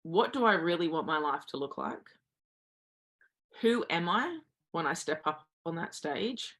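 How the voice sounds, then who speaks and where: Woman w a lowish voice giving earnest coaching tips straight to the audience. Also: animated, a little slow, fairly bright tone. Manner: earnest, coaching, addresses listeners directly. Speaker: confidence coach guest. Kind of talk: motivational advice talk.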